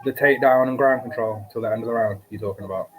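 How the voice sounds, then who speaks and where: A Scottish man co-hosts a casual podcast chat while watching a live fight, rambling and swearing freely. He talks fast at a medium pitch, with a crowd audible behind him and a noisy background hiss on the recording.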